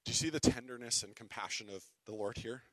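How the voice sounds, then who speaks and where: A man preaching a sermon, with wry conversational asides, who reads scripture dramatically, swinging from loud declaiming to hushed whispers. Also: mid-range voice, fast, no echo. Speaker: pastor.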